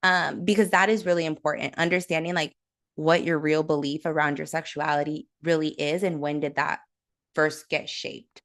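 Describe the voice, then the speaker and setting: A woman's voice: deep voice, little pitch movement, moderate pace, fairly bright tone. A woman giving a casual, earnest talk as a self-love coach, conversational and encouraging, often tagging her points with "right?".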